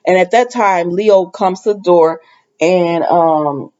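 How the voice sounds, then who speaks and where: A woman's voice: on the low side, a little slow, warm tone, dull audio. A woman casually recapping a soap opera episode in a chatty storytelling way, acting out the characters' lines as she goes.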